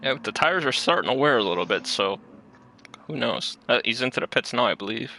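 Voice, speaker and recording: A man's voice: medium pitch, animated, brisk, gravelly, bright, forceful tone, a little hiss or hum, low-quality recording. A man co-commentating an online racing league, laid-back and chuckling often as he talks race strategy.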